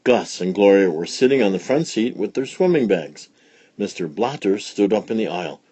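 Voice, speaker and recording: Expressive man reading a children's story. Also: lowish voice, normal speed, slightly rough, no echo. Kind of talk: read-aloud storytelling for children.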